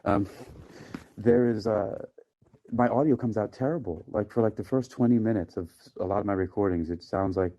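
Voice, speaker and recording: A man with a deep, low voice chats casually over his phone's microphone. He sounds relaxed and laid-back, with a playful edge. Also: moderate pace, dull audio. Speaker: host. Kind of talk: casual chat on a live audio app.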